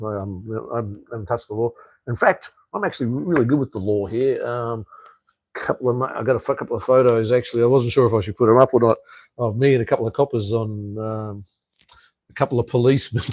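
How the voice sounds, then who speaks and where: A man's voice: mid-range voice, steady tone, brisk, darkish tone, no echo. A middle-aged Australian man who hosts a casual live stream and rambles bluntly, swearing freely and often restarting his sentences.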